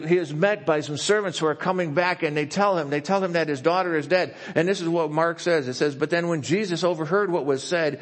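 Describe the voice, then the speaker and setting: A pastor preaching a sermon, slowing down and softening as he reads scripture quotes. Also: fairly high pitch. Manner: reads scripture quotes slowly and softly, asks if he talks too fast.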